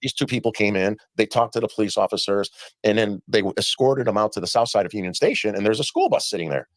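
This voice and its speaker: The man talks on the low side with lively intonation, and the clip has no echo. His played-interview storytelling is rapid, full of acted-out quoted dialogue from his experiences.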